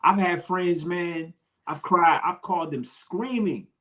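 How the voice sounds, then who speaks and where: A man's voice: high-pitched, slow pace, a bit bright. Earnest man who repeats himself. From Detroit, Michigan. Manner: earnest, repeats phrases, calls listener man. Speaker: podcast guest. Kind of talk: emotional interview talk.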